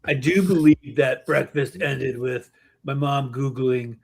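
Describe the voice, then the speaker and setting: A man's voice: mid-range voice, slow pace, gravelly, husky. A man hosting a podcast in casual chat, telling a joking story with many restarts. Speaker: podcast host.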